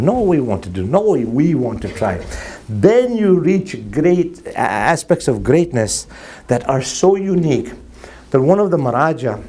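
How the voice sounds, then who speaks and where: In a mosque hall before a crowd, a male Muslim preacher with a high-pitched voice preaches a sermon with anecdotes. Animated throughout, he banters and jokes with his audience and acts out the dialogue.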